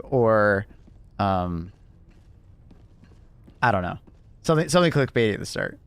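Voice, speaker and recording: A young man live-streaming and chatting casually with viewers, rambling with lots of fillers and quick laughs. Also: on the low side, smooth, dry recording.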